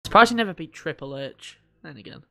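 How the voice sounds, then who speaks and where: A man's voice: a little high, lively intonation, quick pace, gravelly, bright, forceful tone. A young man co-hosting a podcast, chatting casually, joking and swearing as he reads through lists. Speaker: podcast co-host. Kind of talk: casual chat.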